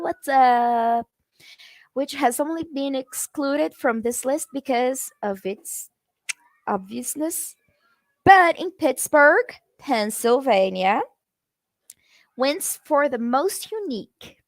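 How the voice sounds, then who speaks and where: Slow, chatty woman teaching English. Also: on the high side, no room sound. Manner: chatty, addresses viewers in the comments. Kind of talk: live-streamed language lesson.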